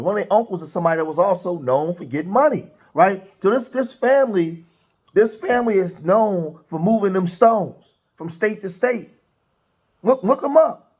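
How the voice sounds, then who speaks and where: Brief: male commentary host, slightly higher voice, animated, keeps restarting phrases, asks rhetorical questions. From grew up in a rough city neighborhood. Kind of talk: casual commentary.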